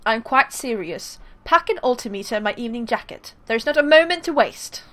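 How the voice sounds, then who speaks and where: A woman voicing a calm, brisk British gentleman traveler in a put-on British accent, giving clipped, composed commands. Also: fairly high pitch.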